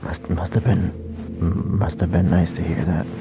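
A man's voice: low voice, fairly even intonation, normal speed. A young man making a joking amateur ASMR video, stammering, swearing often and mocking himself. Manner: rambling, stammering, swears a lot, self-mocking. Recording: music playing loudly behind.

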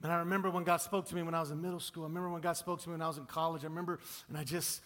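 A male pastor preaching an impassioned sermon, swinging between booming declarations and hushed pleas and often repeating himself. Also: flat delivery, very fast, hardly any pauses. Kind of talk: sermon with altar call. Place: church sanctuary. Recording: long hall reverb.

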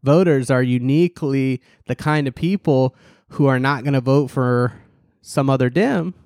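A man co-hosting a casual political podcast, ironic and animated, restarting sentences and mocking the people he quotes. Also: normal speed, no echo, clean studio sound. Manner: animated, ironic, restarts and leaps in pitch for emphasis. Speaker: podcast co-host.

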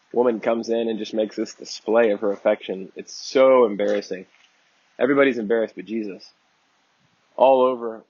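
A man's voice: fairly low pitch, darkish tone, slightly rough, dry recording, muffled recording. A man giving a conversational Bible teaching talk, earnest and digressive, often restarting his sentences.

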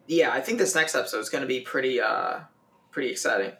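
A co-host in a casual podcast chat, relaxed and a little hesitant, with plenty of fillers. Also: mid-range voice, fast talker, roomy sound. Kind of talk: casual chat about an anime episode.

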